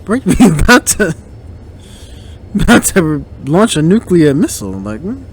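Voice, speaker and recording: Lively, unhurried man joking through a film. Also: high-pitched, husky. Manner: chatty, laughs often, joking asides. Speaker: podcast host. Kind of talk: casual movie commentary.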